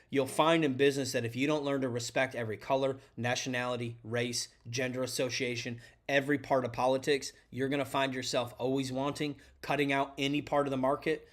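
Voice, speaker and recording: A man hosting a podcast, giving earnest, preachy advice to tradespeople and calling the listener his friend. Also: a little high. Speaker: podcast host and electrician coach. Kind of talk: motivational talk to tradespeople.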